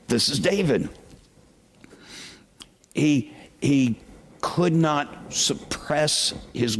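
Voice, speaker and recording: A man preaching a sermon to a congregation as their pastor, talking conversationally and asking the listeners questions. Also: medium pitch. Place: church sanctuary with congregation. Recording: long reverb of a large hall.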